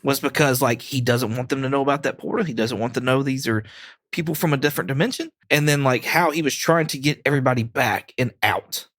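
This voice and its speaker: A male podcast co-host rambles through a casual review of a TV episode, laughing often and saying "like" a lot. His voice is medium-pitched, brisk, and a bit bright, in studio-quality audio with no room sound.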